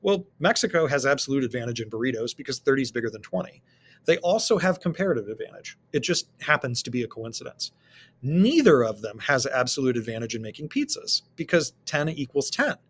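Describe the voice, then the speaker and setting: A man's voice: mid-range voice, lively intonation, brisk, husky. A man teaching a recorded lesson, walking students through worked problems and answering his own rhetorical questions.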